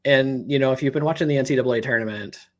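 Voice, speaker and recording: A man's voice: mid-range voice, very fast. A man co-hosting a sports podcast in casual chat, rambling with lots of "you know" fillers. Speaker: podcast co-host.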